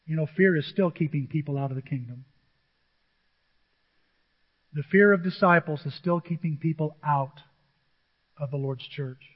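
A male pastor preaching a sermon to his church, animated and emotional, often jumping into excited high exclamations. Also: normal speed, long pauses. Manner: self-described emotional. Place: church sanctuary with a screen. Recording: dull, long hall reverb.

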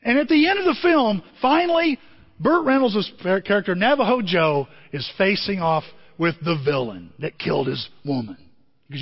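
In a reverberant hall with a long echo, a pastor with a husky, high-pitched voice preaches at a moderate pace. He is lively as he tells his story, with big vocal swings and sudden excited shouts. The recording sounds dull and lo-fi.

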